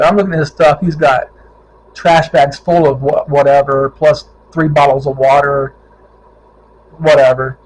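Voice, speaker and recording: A middle-aged man from Ohio chats through a casual vlog, telling road stories with lively acted-out quotes. His voice sits a little high for a man. Faint ambient noise hums behind him. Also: moderate pace, poor audio. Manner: animated storyteller, acts out quoted voices. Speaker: vlogger, touring cyclist.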